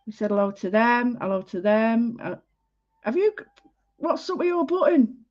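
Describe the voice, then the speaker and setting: A woman's voice: on the high side, sing-song, moderate pace, dull audio. Chatty woman hosting a live art class. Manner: chatty, warm greetings, self-interrupting. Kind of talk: casual livestream art lesson.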